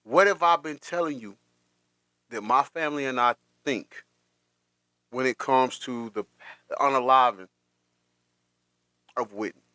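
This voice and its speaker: A man's voice: mid-range voice, unhurried, long pauses, pushed and bright, no echo. A man hosting a reaction stream, talking with emotion, repeating himself and stopping short. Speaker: host.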